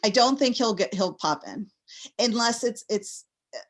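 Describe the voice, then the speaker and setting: A woman's voice: on the high side, animated, moderate pace. A woman from Massachusetts, a guest author in a casual interview, talking in a chatty, rambling way full of fillers.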